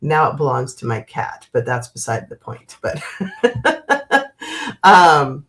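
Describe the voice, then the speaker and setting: A woman hosting a spiritual livestream, chatting gently with viewers and rambling through many fillers and restarts. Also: sits low, very animated, takes it slowly. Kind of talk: casual live chat with viewers.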